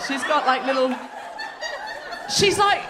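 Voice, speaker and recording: A woman's voice: high-pitched, takes it slowly, a crowd in the background, noisy background. A woman hosting a live comedy podcast on a theatre stage, telling stories with lots of laughter. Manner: animated, laughing storytelling. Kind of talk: live stand-up style banter.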